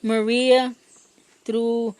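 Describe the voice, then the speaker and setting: A woman talking her way through a casual garden vlog outdoors, chatty and rambling, laughing often and pausing to search for words. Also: on the high side, little pitch movement, a little mellow, smooth, no echo. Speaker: home gardener.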